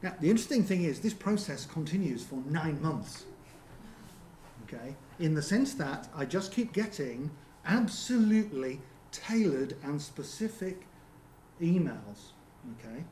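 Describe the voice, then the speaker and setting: A man with a fairly high voice presents at a seminar, talking loosely with lots of ums and asides to the room. He is recorded in a roomy venue with a faint hum behind him. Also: very animated, a little slow, a little mellow. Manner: conversational, frequent ums and rhetorical checks. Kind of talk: conference presentation.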